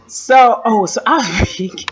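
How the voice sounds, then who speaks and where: A woman in her thirties telling a personal story in a casual, animated way, repeating phrases for effect and often laughing. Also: fairly high pitch, measured pace, noisy background. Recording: dull lo-fi recording.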